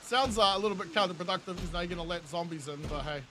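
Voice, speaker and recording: A game streamer in his thirties with a New Zealand accent talks in a high, racing, pushed, bright voice, with slight background noise. His gameplay commentary is casual and jokey as he chats with viewers, laughing a lot and swearing freely.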